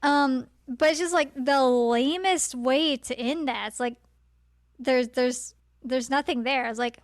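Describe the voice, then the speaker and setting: A woman's voice: high voice, a little slow, no echo, clean studio sound. A woman co-hosting a podcast, chatty and self-deprecating, with hesitant fillers. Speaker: podcast co-host. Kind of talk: casual chat.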